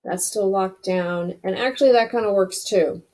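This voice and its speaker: A woman's voice: medium pitch, moderate pace, dark tone. A woman hosting a casual screen-recorded web design tutorial, chatty and thinking aloud as she clicks through each step.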